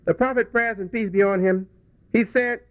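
Here a man with a high voice and fairly even intonation speaks at a moderate pace to his congregation. His reflective talk is a folksy childhood story with frequent restarts, recorded in dull, dry lo-fi sound.

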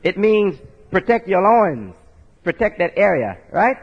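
Man, sermon teaching, folksy, high voice, long hall echo. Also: big pitch swings, measured pace, slightly rough. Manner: folksy, rhetorical asides ending with "right?"; spells out words letter by letter. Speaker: preacher. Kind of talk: sermon-style teaching with a board. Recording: dull lo-fi audio with long hall reverb.

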